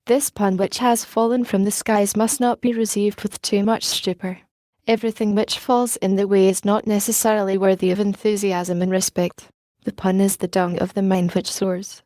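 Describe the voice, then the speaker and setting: In an audiobook reading, a woman voices a pompous young male student who lectures his friends in a measured, sermonizing way, lightly acted with flat delivery. Her voice is mellow and mid-range. The recording is close and dry, with no room sound.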